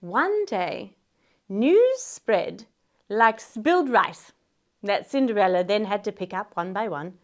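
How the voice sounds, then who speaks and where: A woman's voice: medium pitch, lively intonation, slow. A woman reading a silly fairytale aloud for kids in a garden, with playful asides to her young audience. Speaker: children's storyteller. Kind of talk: read-aloud storytelling for kids. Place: outdoors in a garden.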